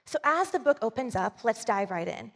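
Woman preacher, conversational sermon delivery, slightly high voice, church reverb. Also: big pitch swings, normal speed, creaky. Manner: conversational, asks the audience for agreement. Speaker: communications director, preacher.

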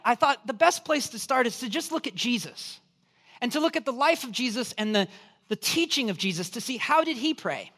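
A man preaching a sermon as pastor, telling a humorous story in an animated, joking way. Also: very high voice. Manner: animated, joking storyteller, acts out quoted voices.

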